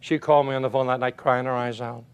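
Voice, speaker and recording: The recording sounds dull, but the older man's mid-range voice comes through clear and resonant as he talks fast. He's giving an animated motivational talk full of folksy anecdotes, chuckles and rhetorical questions.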